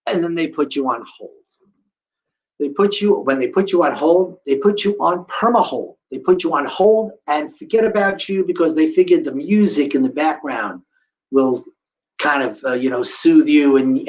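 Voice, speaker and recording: A man's voice: a little high, normal speed, lo-fi sound. A middle-aged man giving a live storytelling talk to an audience, acting out the voices of the people in his story. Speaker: guest speaker telling a survivor story.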